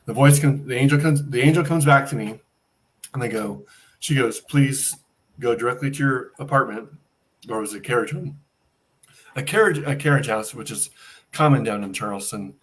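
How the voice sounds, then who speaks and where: A man's voice: medium pitch, normal speed. A middle-aged man telling a personal story as an interview guest, acting out the dialogue he quotes.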